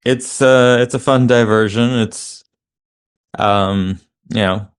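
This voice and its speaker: A man co-hosting a podcast in casual chat, relaxed, chuckling through loose rambling asides. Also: mid-range voice, slow pace, clear, resonant tone. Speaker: podcast co-host.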